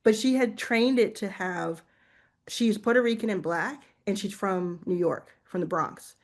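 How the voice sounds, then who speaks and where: A woman hosting a casual chat, talking in an animated way, full of restarts and "like". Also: medium pitch, unhurried. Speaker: host.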